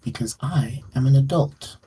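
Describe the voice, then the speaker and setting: A man's voice: mid-range voice, moderate pace, dark tone, husky, far from the mic, voice pushed up. A man voicing a haughty older noble brother who acts grown-up in a tabletop game. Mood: superior. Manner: haughty, prissy and superior.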